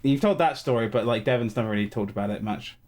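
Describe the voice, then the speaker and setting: A man co-hosting a loose podcast chat, telling things with animated energy. He slips in little acted quotes as he goes. His voice is an ordinary middle pitch. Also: quick pace. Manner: animated storyteller, acts out quotes. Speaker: podcast co-host. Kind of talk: casual chat.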